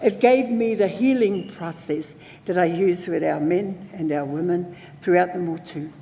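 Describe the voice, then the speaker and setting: A woman's voice: fairly low pitch, measured pace, dark tone, a little hiss or hum. A woman with a New Zealand accent, speaking at a conference in a playful, engaging way and calling out to the audience. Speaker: conference speaker teaching traditional singing. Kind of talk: spoken talk with sung demonstrations. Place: conference hall. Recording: long hall reverb, faint ambience.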